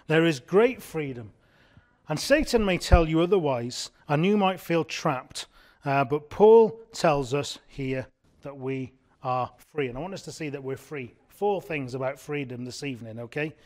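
Earnest man preaching an evening sermon. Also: on the high side. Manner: earnest, emphatic, repeats key words.

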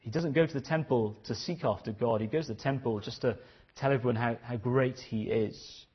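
Man, preacher, sermon, earnest, husky voice, dull lo-fi recording. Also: medium pitch, a little fast. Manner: earnest, questioning, repeats phrases.

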